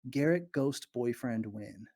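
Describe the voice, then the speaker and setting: Slow and expressive, with a dark mid-range voice, this man livestreams from an abandoned morgue for his YouTube fans. Nervous and self-deprecating, he rambles and giggles while answering viewer questions.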